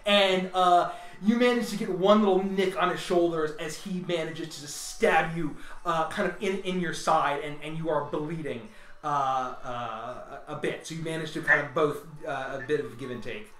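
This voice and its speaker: Bright-voiced male game master. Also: a little high, fairly even intonation, normal speed. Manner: rambling with frequent fillers, laughing narration. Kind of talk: narrating a tabletop game. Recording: echoey room, distant mic.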